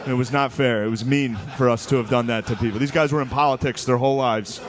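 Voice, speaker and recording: A man's voice: medium pitch, steady tone, quick pace. A man performing a stand-up comedy set, telling stories in a loose, conversational way into a handheld mic at a large live venue. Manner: loose, conversational storytelling with frequent "dude" and "like". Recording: live stage recording with clear crowd noise. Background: audience laughter and room ambience.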